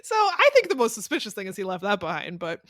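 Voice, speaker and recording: A woman's voice: medium pitch, huge pitch swings, fast, fairly bright tone, dry recording. Female podcast co-host, casual recap voice, laughs easily, dry booth sound. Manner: laughs often, hedging asides. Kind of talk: casual chat recapping a mystery.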